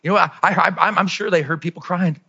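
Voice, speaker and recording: A man preaching a lively sermon as pastor, dropping to low asides and rising to shouted peaks. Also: fast, vocal fry, husky, highs cut off.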